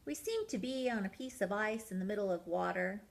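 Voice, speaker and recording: A woman's voice: medium pitch, expressive, fairly quick, vocal fry. An older woman voicing a group of clumsy, overly formal penguins in a storybook reading. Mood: polite formal. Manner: formal, overly polite phrasing.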